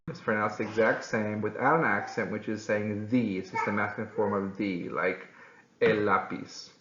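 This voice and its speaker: A man's voice: on the low side, slight background noise. Patient male Spanish teacher, echoey room. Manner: clear, patient, repeats words slowly for pronunciation. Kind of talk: classroom-style language lesson. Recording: echoey room, slightly dull sound.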